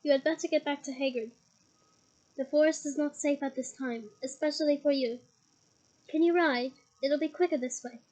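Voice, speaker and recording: Woman doing a noble young male centaur from a storybook, grave and earnest, high and mellow. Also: normal speed, lightly acted, rough recording.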